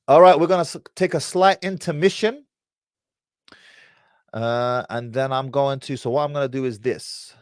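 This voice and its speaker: A British man talks through a casual livestream, drifting from story to story with plenty of street slang. He sits at an ordinary middle pitch. His voice comes across close and dry, with no room sound. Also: moderate pace, no room sound. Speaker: livestream host.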